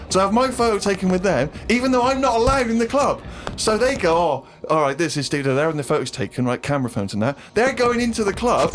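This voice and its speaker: Guy on a podcast, bit high voice, really bouncy pitch, rambles and um's through a funny embarrassing story. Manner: self-deprecating storyteller, hesitant fillers. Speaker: podcast co-host. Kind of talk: comic anecdote on a podcast.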